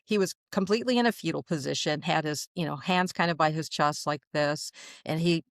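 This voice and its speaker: A woman's voice: low-pitched, fairly quick, dry recording, clean studio sound. A woman in her sixties telling a long personal story as a podcast guest, chatty with frequent laughs and fillers. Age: 60s. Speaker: guest channeler.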